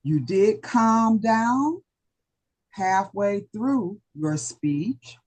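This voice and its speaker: A woman giving a slow, deliberate evaluation of a speech at a club meeting, full of warm praise. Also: medium pitch, animated.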